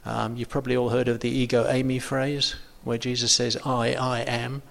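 Man, Bible study leader, hesitant, ums and restarts, gravelly fry. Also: medium pitch, little pitch movement, fairly quick. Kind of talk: informal Bible study teaching.

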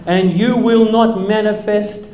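Solemn deliverance minister, slow and commanding, loud, as a storyteller mimics him, echoey hall. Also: male voice, high voice, fairly even intonation, voice pushed up. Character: stern self-certain male deliverance minister.

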